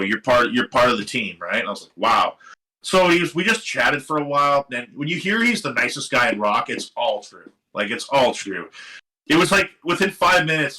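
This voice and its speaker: Animated, bright-voiced man telling a story. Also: mid-range voice, low-quality recording. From Seattle area. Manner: animated, swearing, quotes others in lively voices. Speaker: guest musician. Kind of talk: casual storytelling interview. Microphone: live stream microphone.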